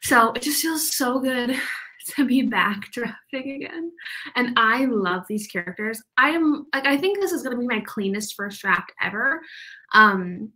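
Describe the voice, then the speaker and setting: A woman's slightly high, bright, forceful voice with lively intonation carries her writing-sprint livestream at a measured pace. Her chat over the live comments is casual and a bit breathless, full of laughs and "like."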